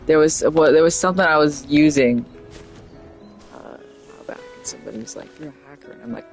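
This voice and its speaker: A young man with a slightly high voice rambles through casual gameplay commentary from his home setup. He jokes around and laughs often, with faint game music under his talk. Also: brisk. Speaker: livestreamer.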